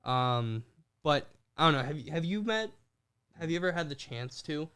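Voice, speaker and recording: A young man co-hosting a podcast, telling stories in animated bursts with quick restarts. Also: fairly high pitch, clear, resonant tone. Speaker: podcast co-host. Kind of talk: casual chat.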